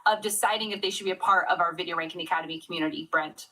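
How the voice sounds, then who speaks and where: Bright, upbeat woman hosting a livestream. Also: on the low side, rapid-fire, poor audio. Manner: upbeat, encouraging. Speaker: host and coach. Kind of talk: livestream interview.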